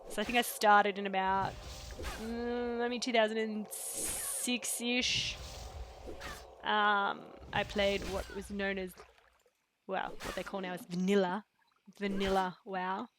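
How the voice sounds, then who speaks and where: A chatty woman talks through her game on a live stream, wandering from thought to thought with plenty of ums. Her pitch sits in an ordinary middle range, and she slips into quiet near-whispered asides now and then. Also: little pitch movement, takes it slowly, noisy background. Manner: rambling, chatty, full of fillers and pop-culture quotes. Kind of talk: casual live-stream chat while gaming.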